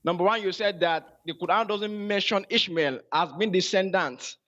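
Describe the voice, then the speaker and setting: A man from Nigeria, calling into a debate show over a phone and speaking in a hesitant, halting way. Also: high-pitched, fairly bright tone. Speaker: caller. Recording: muffled phone call.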